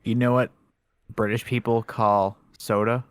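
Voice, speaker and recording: A man co-hosting a podcast in casual chat, often halting and hesitating with fillers. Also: mid-range voice, flat delivery, smooth, no room sound, studio quality. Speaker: podcast co-host.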